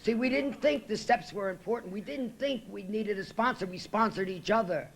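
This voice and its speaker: A woman's voice: mid-range voice, moderate pace, creaky, husky. Woman at a podium, recovery talk, blunt and profane, emotional storytelling, meeting room. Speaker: recovery speaker.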